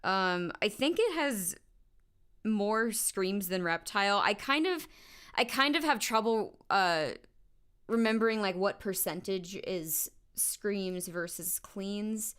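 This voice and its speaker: A woman's voice: medium pitch, expressive, slow, fairly bright tone, clear, resonant tone. A woman singer talking casually between vocal takes in her home studio, thinking aloud on a studio condenser mic with a phlegmy morning voice. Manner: chatty, thinks aloud, filler-heavy.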